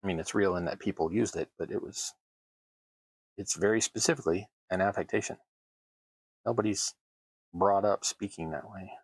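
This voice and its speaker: A man with a lowish, gravelly and slightly husky voice talks casually as he works on a hobby crafting stream. He keeps up wry, self-deprecating asides, and the sound is dry and close. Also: moderate pace, long pauses, no room sound, poor audio. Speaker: terrain crafting livestream host. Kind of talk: casual running commentary while crafting.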